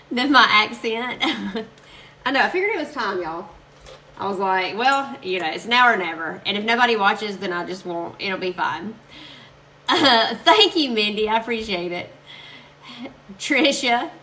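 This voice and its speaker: A woman's voice: a little high, sharp tone, slight background noise. A woman from Alabama with a Southern accent, chatting casually with viewers while she crafts on a live stream, laughing often and reading out their comments. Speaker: crafting livestream host.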